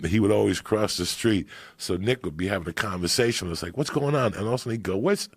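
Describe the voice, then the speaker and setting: Middle-aged guy spinning foul-mouthed stories, super low gravelly voice, kinda husky. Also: quick pace, no room sound. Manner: loud, profane, laughing storyteller. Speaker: podcast guest. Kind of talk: profane storytelling chat.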